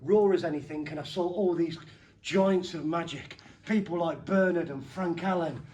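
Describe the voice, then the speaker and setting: A middle-aged man performing a comedy magic act, bantering playfully with the crowd and breaking into sudden loud bursts. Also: on the high side, moderate pace, a little hiss or hum.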